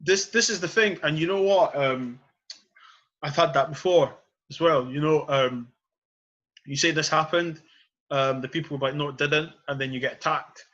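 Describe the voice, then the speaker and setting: A man's voice: a little high, moderate pace, pauses often, fairly bright tone. Emphatic man, lo-fi podcast audio. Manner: emphatic, repeats "you know" and "period". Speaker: podcast host. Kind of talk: passionate casual debate.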